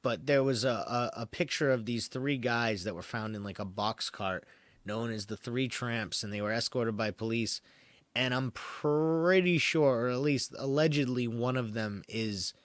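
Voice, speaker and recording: A man's voice: fairly low pitch, fairly bright tone, no room sound. A man hosting a podcast, reading from an article and breaking off into rambling, wry asides with lots of fillers and laughs. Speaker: podcast host. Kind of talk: casual commentary while reading from an article.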